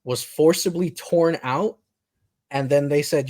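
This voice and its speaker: A man running a tabletop game as game master, narrating in a relaxed, halting way. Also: fairly high pitch.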